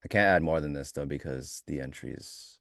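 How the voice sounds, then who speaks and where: A man's voice: extremely low pitch, a little fast, gravelly, a bit bright, no room sound. A man co-hosting a live trading stream, joking in a dry, teasing way. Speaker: co-host and futures trader. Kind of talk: casual live-stream banter about trades. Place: studio.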